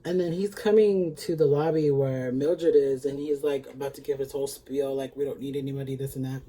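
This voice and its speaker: A man's voice: mid-range voice, fairly even intonation, brisk, mellow. A man recapping a TV episode in a chatty, sassy way, with lots of filler words and free swearing. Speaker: beauty vlogger.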